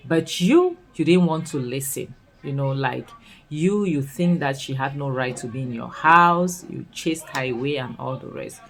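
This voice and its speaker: A woman with a Nigerian accent recapping a series in casual commentary, expressive and full of scolding rhetorical questions. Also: rumbling low, unhurried, rough recording. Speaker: series reviewer.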